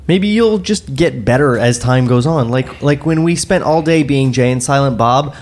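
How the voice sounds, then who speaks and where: A man's voice: medium pitch, moderate pace, darkish tone. A man co-hosting a podcast who reads out stage directions and chats in a joking, laughing way. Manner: chatty, joking, often laughing. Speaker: podcast co-host and script narrator. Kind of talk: reading stage directions and casual chat.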